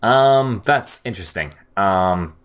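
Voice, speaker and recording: A man's voice: sits low, animated, slow pace, fairly bright tone, clean tone. A man hosting his own anime review channel, talking through it in casual solo commentary, rambling with lots of fillers and casual swearing.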